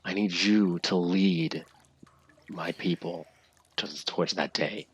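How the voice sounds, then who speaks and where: A man voicing a vengeful male cult leader in a tabletop game, moving between shouted rage and soft, soothing persuasion. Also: low voice, slow, vocal fry, husky, heavily acted. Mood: calm caring.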